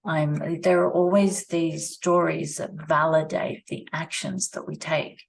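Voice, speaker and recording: A woman, talking slowly and reflectively in a personal vlog, repeating her phrases as she thinks aloud at her rural home. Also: low voice, flat delivery, vocal fry. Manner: slow, musing, repeats phrases. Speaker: vlogger. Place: rural home with animals nearby.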